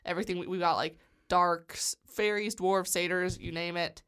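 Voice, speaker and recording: A woman's voice: lowish voice, fairly even intonation, moderate pace, a bit bright, clear, resonant tone. A woman co-hosting a podcast, chatting casually and wryly about a book. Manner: playful, wry and talkative. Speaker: podcast co-host. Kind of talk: casual book discussion chat.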